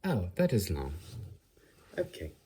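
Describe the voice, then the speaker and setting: A man's voice: low-pitched, huge pitch swings, slow pace, mellow, breathy edge. A man rambling and questioning himself as he talks alone to his phone in his bedroom, joking about the odd voices he makes. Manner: rambling, self-questioning, jokey. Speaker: ASMR vlogger. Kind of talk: rambling solo talk to a phone camera.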